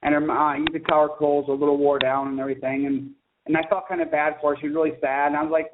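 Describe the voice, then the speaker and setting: Fast-talking man on a tinny phone line. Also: on the high side, flat delivery, background noise. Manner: eager storyteller, quick and rambling. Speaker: children's book author, guest. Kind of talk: casual phone interview chat.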